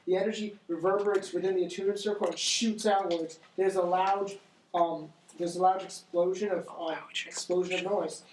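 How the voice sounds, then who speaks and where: Halting young game master in an echoey room. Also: male voice, sits high, steady tone, slight background noise. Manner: halting, many restarts and ums while describing scenes. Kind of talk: narrating a tabletop game.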